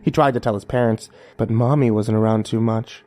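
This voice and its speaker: A man reading a horror story aloud in a measured, dramatic narration. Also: fairly low pitch, steady tone, dark tone. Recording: faint music underneath.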